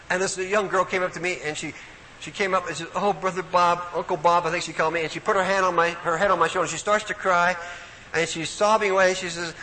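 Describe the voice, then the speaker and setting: Older man, sermon-style Bible talk, high bright voice, long hall reverb, faint hiss. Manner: animated, folksy, emphatic with sudden drops to quiet. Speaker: preacher at a Bible study week.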